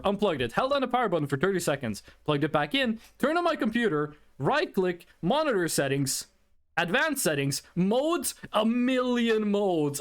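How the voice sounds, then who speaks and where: Young male streamer, high voice, animated delivery, loose rambling storyteller at a desk mic. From Norway. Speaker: livestreamer. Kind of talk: casual chat with chat.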